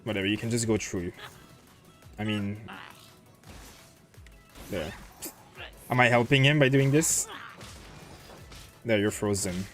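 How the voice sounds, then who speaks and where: A man's voice: on the low side, slow, long pauses, soft background music. A man hosting a casual gaming livestream, thinking aloud as he plays and answering chat questions with plenty of fillers. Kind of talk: casual livestream commentary while playing.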